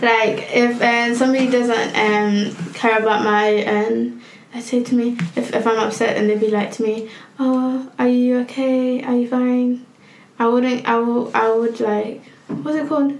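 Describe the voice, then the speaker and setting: A young woman talks on a podcast, pausing and searching for words as she goes. Her voice is a little high, and she sounds like she's in an echoey room. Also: fairly even intonation, gravelly. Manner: hesitant, halting, many "um" fillers. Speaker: podcast co-host. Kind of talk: casual podcast chat.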